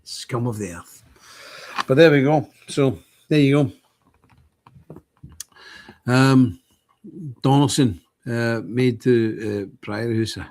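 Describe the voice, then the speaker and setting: A man with a Northern Irish accent giving rambling, blunt livestream commentary, animated and full of restarts and asides. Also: medium pitch, slow pace, long pauses. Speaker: livestream host.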